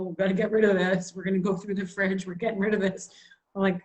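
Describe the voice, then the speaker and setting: A woman's voice: mid-range voice, level tone, fast talker, a little mellow, rough recording. Woman, forties, host on a video call, gushing and chatty. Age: 40s. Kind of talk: casual video call chat.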